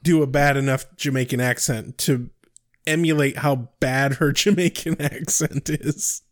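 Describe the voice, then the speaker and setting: A man's voice: medium pitch, steady tone, measured pace. A man co-hosting a podcast, recapping a TV episode in laughing, profane, enthusiastic chat. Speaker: podcast co-host.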